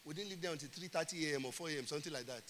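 A man's voice: a little high, very fast, a bit bright, slight background noise. A man preaching a sermon as pastor, emphatic and calling out to his congregation. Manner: emphatic preaching with call-and-response. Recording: reverberant church hall.

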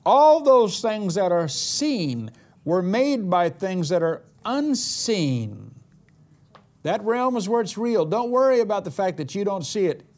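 A male pastor delivering a sermon in a high, lively voice that swoops up and down. He stretches out key words for emphasis and hurries through side remarks. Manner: dramatic, emphatic preaching with slow drawn-out declarations.

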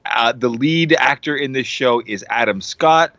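A man's voice: medium pitch, unhurried, sharp tone, no echo. A man on a casual podcast, rambling enthusiastically about a TV series with lots of fillers and restarts. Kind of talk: casual show recommendation.

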